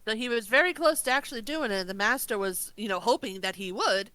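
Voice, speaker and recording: A woman co-hosting a casual review podcast, explaining plot points in measured turns. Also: a little high, pushed and bright, smooth, dry recording, rough recording. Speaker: podcast co-host.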